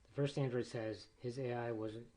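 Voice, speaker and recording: A man's voice: medium pitch, steady tone, moderate pace, dark tone. A man playing a text adventure game, thinking aloud in a casual way as he reads the story text out. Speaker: player reading the game aloud. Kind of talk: casual gameplay commentary.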